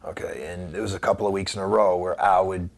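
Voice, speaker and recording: A man being interviewed, telling a story in a casual, animated way and acting out the voices of the people in it. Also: low-pitched, fast, gravelly. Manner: animated anecdote teller who acts out quoted voices. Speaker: guest wrestler.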